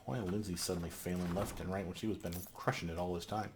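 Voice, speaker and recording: A man's voice: deep voice, fairly even intonation, quick pace, background noise. A man doing gameplay commentary, exasperated and swearing as he pleads with game characters. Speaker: let's play host.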